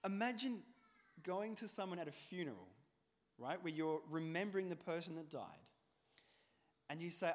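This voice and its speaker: A man preaches a sermon, telling stories with lively acted-out voices. His voice sits fairly high for a man. It carries a long reverb, as if in a big church hall. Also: normal speed, pauses often. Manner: animated storytelling, acting out quoted voices.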